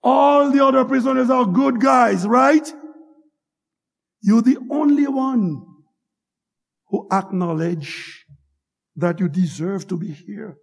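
A man preaching a fervent sermon, rising to shouts and dropping to hushed pleas. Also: extremely high pitch, lively intonation, slow pace, vocal fry, long pauses.

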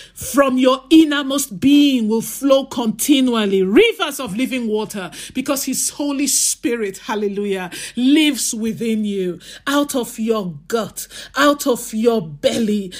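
Woman leading hotline prayer, slow and fervent, half-sung refrains. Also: fairly high pitch, darkish tone. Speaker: prayer leader. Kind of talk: prayer ministry over a hotline.

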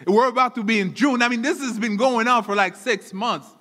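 A high, bright-voiced man preaches in a church, animated and often repeating words as he builds toward each point. His voice rings with long reverb from the hall around him. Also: fairly quick. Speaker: pastor. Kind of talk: sermon.

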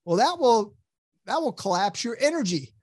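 A man's voice: very high-pitched, sing-song, normal speed, a little mellow. A man speaking as a guest on a podcast interview, enthusiastic and preacherly as he tells stories and quotes scripture, laughing often. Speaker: health program guest.

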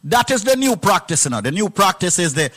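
Bright energetic male radio host. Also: high voice, quick pace, soft background music. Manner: energetic salesman-like prompting. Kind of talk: radio call-in show.

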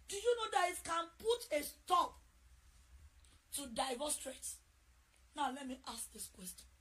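A middle-aged woman with a Nigerian accent preaching a sermon, repeating key phrases and shouting them for emphasis. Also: high-pitched, sing-song, measured pace, long pauses.

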